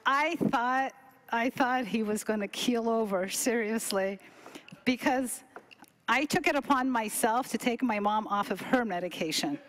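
A middle-aged woman who presents cooking demos tells a story casually, acting out quoted dialogue with big leaps in her voice. Her voice is a little high, a little slow and a bit bright, with slight background noise.

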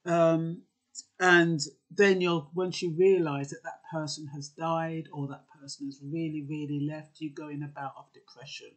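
A man with a fairly bright, somewhat high voice speaks unhurriedly and with little pitch movement. As an advice vlogger, he gives earnest, conversational advice in a casual talk, with frequent fillers and restarts.

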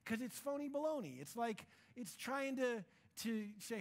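A male pastor preaching to his congregation with a high, bright-pitched voice. He talks loosely and conversationally, mixing jokes and asides into the sermon. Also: normal speed. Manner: conversational, animated, jokey preaching. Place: church.

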